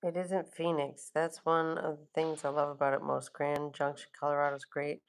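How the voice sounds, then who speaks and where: A middle-aged woman hosts a casual livestream, rambling to her viewers and answering their comments. She laughs easily and swears bluntly. Her voice sits low, with a gravelly, fry-laden texture. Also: flat delivery, moderate pace, few pauses. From Florida. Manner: chatty, laughing, blunt and profane. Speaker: livestream host.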